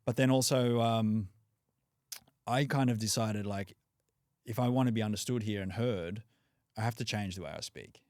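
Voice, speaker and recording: The dry, studio-quality recording features a native-English-speaking man from Australia with a fairly low pitch and normal speed. As a podcast guest he talks casually and pauses often, filling his speech with plenty of "like" and "you know."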